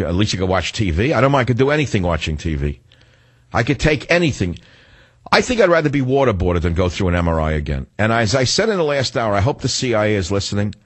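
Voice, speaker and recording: An older male radio host holds forth in a low, slightly husky voice that swings widely in pitch as he rants. His delivery is sarcastic and rambling, full of restarts and asides. The studio sound is close and dry. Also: no room sound. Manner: sarcastic, rambling, animated rants with self-corrections. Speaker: radio talk show host. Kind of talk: talk radio monologue.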